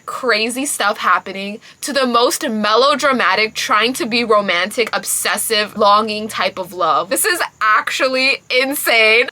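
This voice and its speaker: A woman giving a casual book review, animated and incredulous, full of exclamations. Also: fairly high pitch, measured pace, hardly any pauses.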